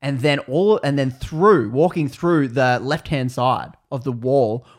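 A man recounts a spooky tale in a loose, chatty way, often backtracking and restarting his sentences. His voice sits at an ordinary middle pitch. He keeps things light, breaking off into laughter at his own asides. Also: a little slow. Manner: rambling, self-correcting, laughs at own jokes. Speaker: podcast storyteller. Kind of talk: casual storytelling chat.

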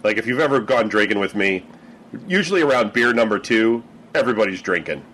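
A man's voice: on the low side, lively intonation, fairly quick, a bit bright. A man on a podcast recounting a night out in a rambling, hesitant way. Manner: rambling, hesitant with many fillers. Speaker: podcast co-host. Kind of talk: casual chat.

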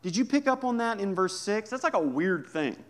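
A man preaching a sermon as a pastor, conversational and humorous, moving between hushed asides and emphatic points. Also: high voice, big pitch swings, a little fast.

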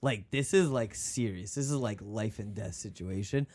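A man co-hosting a casual sports podcast, animated, swearing and laughing often. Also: on the low side, normal speed. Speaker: podcast co-host.

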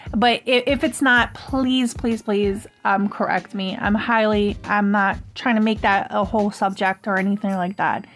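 A woman's voice: mid-range voice, steady tone, normal speed, few pauses, fairly bright tone. A woman hosting a podcast, telling a personal story in a casual, rambling way full of "um" and "like". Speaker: podcast host.

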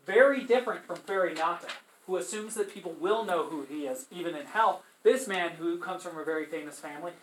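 A man teaching a literature class in a high, bright voice. He talks casually and puts rhetorical questions to his listeners. The echo of the room carries his voice around. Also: a little hiss or hum. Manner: conversational, asks students rhetorical questions. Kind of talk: literature lecture with read-aloud passages.

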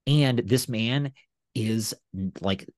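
A man co-hosting a podcast in casual chat about a movie, excitable and tripping over his words. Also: takes it slowly, dry recording, studio quality. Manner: excitable, full of fillers and restarts, swings up in pitch. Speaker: podcast co-host.

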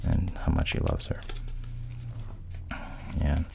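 A man's voice: slow, a little mellow, slight background noise. A man casually retelling a film's plot, quoting the characters in his own voice and often sinking to a whisper. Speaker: storyteller retelling a film plot.

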